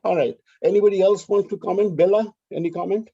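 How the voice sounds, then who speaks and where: A man's voice: high-pitched, steady tone, fast, mellow, husky, no room sound, lo-fi sound. A man organizing a festival rehearsal, talking casually and rambling, often asking "you know what I mean", over a video call.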